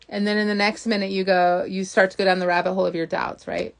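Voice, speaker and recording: A woman giving a casual motivational talk as a mindset coach, chatty and animated, often asking "right?" and acting out inner thoughts. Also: mid-range voice, quick pace, few pauses.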